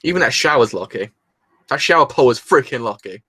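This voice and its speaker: A man doing a live reaction review from his room, rambling excitedly and swearing casually, with a sore throat. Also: mid-range voice, quick pace, slightly rough, no room sound. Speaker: anime reviewer.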